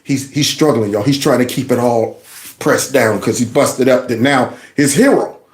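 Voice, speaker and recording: A man's voice: mid-range voice, normal speed. A man hosting a reaction commentary, mocking and laughing through what he watches, in an echoey room. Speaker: commentary host.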